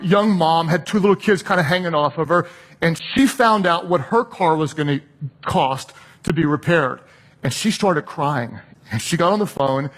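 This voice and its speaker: A man preaching and telling a personal story, animated, acting out the voices of the people in it. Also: on the high side. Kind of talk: sermon storytelling.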